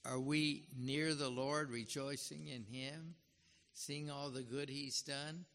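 A man's voice: mid-range voice, fairly even intonation, slow pace, fairly bright tone. A man giving an earnest, dramatic sermon and acting out the scripture he quotes. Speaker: preacher. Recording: reverberant hall.

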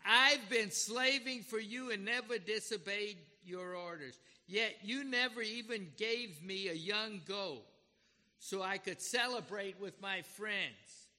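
A preacher acting out a bitter, self-righteous older brother. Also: male voice, high-pitched, takes it slowly, long reverb tail, voice pushed up, full character voice. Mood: indignant. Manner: indignant, loud and accusing.

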